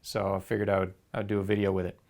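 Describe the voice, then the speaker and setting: A man's voice: low-pitched, completely flat delivery, racing, creaky, darkish tone. A man talking casually to camera in a vlog, rambling and easygoing with plenty of ums and uhs. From Southern California. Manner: rambling, filler-heavy, easygoing. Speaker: photography YouTuber.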